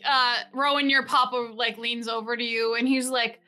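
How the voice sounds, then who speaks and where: A woman narrating a tabletop game as game master in a chatty, animated way. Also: fairly high pitch, moderate pace, hardly any pauses, smooth. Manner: chatty, filler-heavy, animated. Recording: faint background music.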